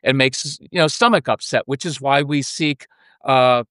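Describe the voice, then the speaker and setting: A middle-aged man talking as a podcast guest about parenting, animated and acting out little scenes of parent and child. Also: mid-range voice, unhurried, dry recording, studio quality. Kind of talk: casual interview conversation.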